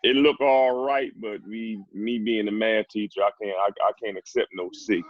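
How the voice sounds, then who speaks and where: Lowish male voice, relaxed and slangy, dry muffled call audio. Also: normal speed, dry recording. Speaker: math teacher. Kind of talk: casual group video-call chat.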